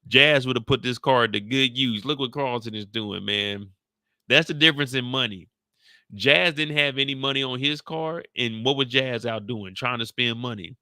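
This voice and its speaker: A man's voice: mid-range voice, normal speed, bright, forceful tone, no echo, studio quality. A man giving casual, joking commentary as he recaps a TV episode, riffing in slang. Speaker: YouTube show recapper.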